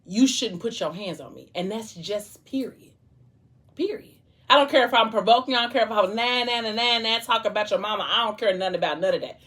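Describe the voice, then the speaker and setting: A woman vlogger chatting casually about a book, in an animated, emphatic and colloquial way. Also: fairly high pitch, quick pace, hardly any pauses. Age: adult.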